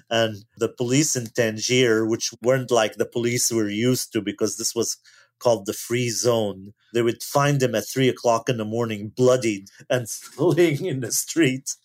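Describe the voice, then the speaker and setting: A man's voice: medium pitch, unhurried, dry recording. A man telling anecdotes as an interview guest, chuckling as he goes. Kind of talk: casual storytelling.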